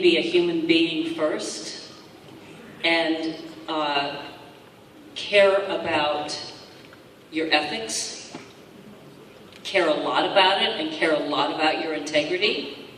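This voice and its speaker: Woman on a con panel, sincere and thoughtful, echoey hall, distant, noisy audio. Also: deep voice. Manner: warm, earnest, thoughtful with pauses. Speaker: panel guest actor. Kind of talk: casual panel answer.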